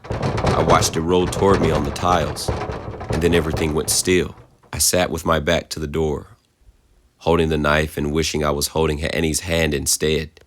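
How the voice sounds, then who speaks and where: A man narrating a creepypasta horror story in a measured, somber way. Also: a bass voice, flat delivery, background noise.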